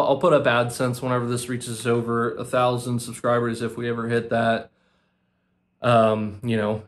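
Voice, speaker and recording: Earnest, impassioned young American man. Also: mid-range voice. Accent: American English. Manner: earnest and impassioned, repeats words for emphasis; casual, says "man" and "dude" often. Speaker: vlogger, former financial advisor. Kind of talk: emotional unscripted monologue.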